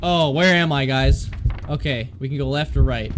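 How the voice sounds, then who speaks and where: A gaming channel host plays a horror game and comments over background noise, his medium-pitched voice moving at a normal speed. He is jumpy and panicky, yelping in fright and swearing a lot while cracking jokes to his viewers and to the game itself.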